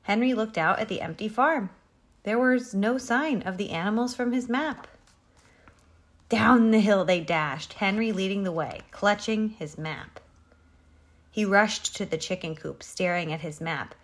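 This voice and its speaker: A woman performs a children's picture book aloud, reading expressively and with plenty of animation. Her voice sits at medium pitch, and she keeps a measured pace.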